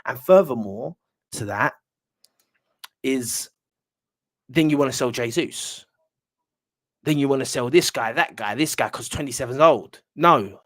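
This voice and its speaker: A man's voice: medium pitch, lively intonation, measured pace, long pauses, a bit bright, dry recording. A young man, talking casually about football to camera in a rambling, blunt way with slang. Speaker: football fan channel host.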